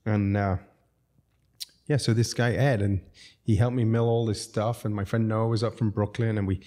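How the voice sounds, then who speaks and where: Low mellow guy, rambling self-deprecating stories, chatty podcast guest. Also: fairly even intonation, moderate pace. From outside the United States. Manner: rambling, self-mocking anecdotes with laughs. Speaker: restaurateur guest. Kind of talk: casual storytelling chat.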